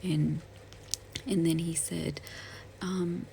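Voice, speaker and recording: A woman telling a story while doing her makeup, soft-spoken and hesitant, with many fillers and restarts. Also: sits low, moderate pace, creaky, slight background noise, rough recording. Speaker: beauty vlogger. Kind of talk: get-ready-with-me storytelling.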